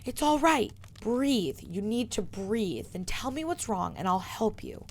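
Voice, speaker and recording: A woman voicing a young woman who gently soothes a crying friend, in an audiobook reading. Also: mid-range voice, expressive, normal speed, vocal fry, a little hiss or hum. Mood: soothing. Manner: gentle, reassuring, coaching breaths.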